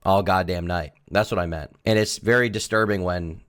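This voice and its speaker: A man streaming live, delivering a melodramatic, self-pitying mock-serious rant in a deadpan tone. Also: low voice, normal speed.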